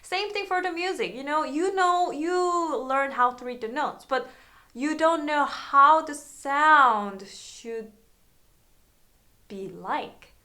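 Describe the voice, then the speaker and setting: Bright-voiced woman teaching in a slow chat. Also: sits high. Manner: chatty, halting, with many fillers and restarts. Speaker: violin teacher. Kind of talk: casual video lesson.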